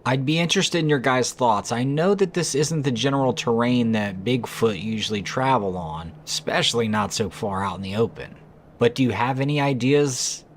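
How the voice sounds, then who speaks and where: A man's voice: medium pitch, moderate pace, a little hiss or hum. A man narrating trail cam clips in a scripted, conversational way with skeptical asides.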